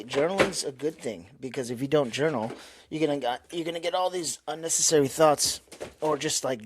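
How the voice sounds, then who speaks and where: A man's voice: mid-range voice, slight background noise. A man hosting his own podcast, talking candidly in a rambling, casual way with lots of fillers. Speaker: podcast host. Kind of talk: casual solo podcast monologue.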